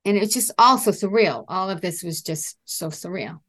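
A middle-aged woman speaking as a podcast guest, telling a painful personal story in a halting way, often repeating herself and trailing off. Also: fairly low pitch, fairly bright tone. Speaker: guest, bereaved mother.

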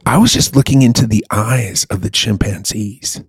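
A man's voice: lowish voice, normal speed, gravelly, husky, no echo. Podcast host, man, swears a lot, emphatic and rambling, dry close sound. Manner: profane, emphatic and rambling, with a playful streak. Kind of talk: casual chat.

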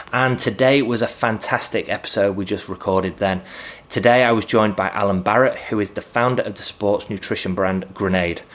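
A man's voice: fairly low pitch, fairly bright tone. A man introducing a podcast episode on his own, upbeat and enthusiastic. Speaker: podcast host.

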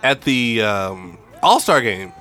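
A man's voice: on the low side, animated, takes it slowly, sharp tone, soft background music. A young man hosting a podcast, laid-back and conversational as he steers the chat. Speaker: podcast host. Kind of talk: casual chat.

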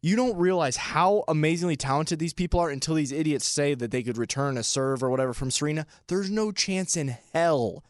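A man co-hosting a casual sports talk show, insistent and quick to argue his point. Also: a little high, no echo, studio quality. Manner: insistent, argues over others.

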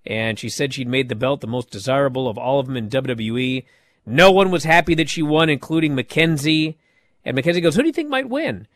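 Speaking fairly quickly at a medium pitch, a male podcaster recaps wrestling in a casual chat. He narrates with animation and pokes fun at the people involved by doing impressions of them. There's no room sound.

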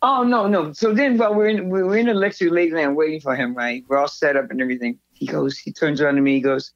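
A woman guest telling stories in a casual interview, lively and acting out what others said. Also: sits low, fast talker, no echo. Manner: animated storyteller, acts out others' lines. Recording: dull lo-fi recording.

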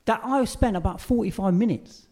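A man with a high voice hosts a podcast before a small live audience. He tells his story in an animated way and slips into other people's voices as he goes. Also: normal speed. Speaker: podcast co-host. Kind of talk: casual chat with live audience.

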